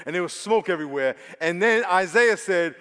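A fairly high-pitched male pastor preaching in a big echoing hall. He shifts between low, confiding storytelling and loud, emphatic exhortation, and pulls his listeners into call-and-response. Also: animated, moderate pace. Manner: emphatic, swings from quiet storytelling to shouted exhortation; leads congregation call-and-response. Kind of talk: sermon.

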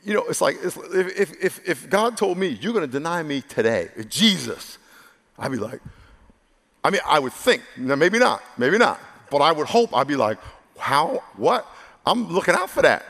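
Man, pastor, humorous conversational sermon, gravelly voice, long echo of a big church hall. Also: on the high side, sing-song, moderate pace, fairly bright tone. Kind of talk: lively preaching sermon.

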